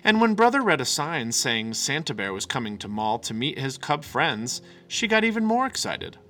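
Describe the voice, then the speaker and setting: A man reading a children's picture book aloud with an expressive, animated delivery. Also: on the high side, fairly quick, slight background noise. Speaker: storyteller.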